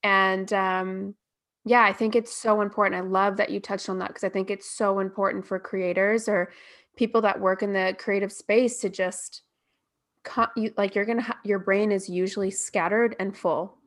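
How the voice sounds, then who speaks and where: A woman's voice: medium pitch, flat delivery, normal speed. A woman hosting an interview, casual and enthusiastic, lavish with praise and cursing lightly. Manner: warm, enthusiastic, casual swearing. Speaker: podcast host.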